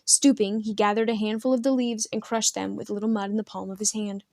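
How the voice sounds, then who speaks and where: A woman narrating a novel aloud in an even, measured storytelling manner. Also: mid-range voice, no echo.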